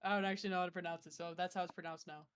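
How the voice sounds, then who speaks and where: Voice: medium pitch, little pitch movement, rapid-fire, a bit bright, a little hiss or hum. Playful, teasing game master chatting. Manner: playful, teasing, laughs often. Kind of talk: casual chat between players.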